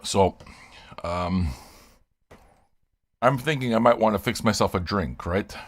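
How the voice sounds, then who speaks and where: A man's voice: fairly low pitch, slow. An older man from Canada chatting loosely with his live-stream audience, rambling, swearing and joking. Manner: rambling, profane, joking with chat. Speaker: music reaction streamer. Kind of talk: casual live-stream chat.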